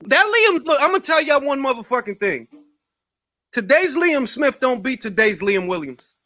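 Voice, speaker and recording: Man, boxing show co-host, very high voice, lively swings in pitch, excitable, swears, repeats himself. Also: moderate pace, no echo, clean studio sound. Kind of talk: casual heated chat.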